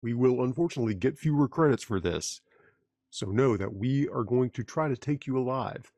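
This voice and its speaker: A man's voice: mid-range voice, animated, normal speed, a little mellow, no room sound, clean studio sound, lightly acted. A man voicing a cold male bounty hunter broadcasting a formal, menacing warning over the comms.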